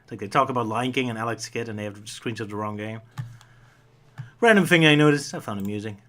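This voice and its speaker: A man with a bright, forceful voice at a middle pitch hosts a loose comic review chat. He jokes around and laughs a lot as he sums up the stories. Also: fast. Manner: laughs often, playful jokey asides. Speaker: podcast host.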